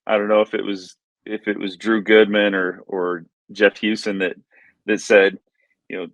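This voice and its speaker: A man co-hosting a sports podcast, reminiscing in a halting way with many restarts. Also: fairly low pitch, level tone, dry recording, poor audio. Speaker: podcast co-host. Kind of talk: casual sports chat.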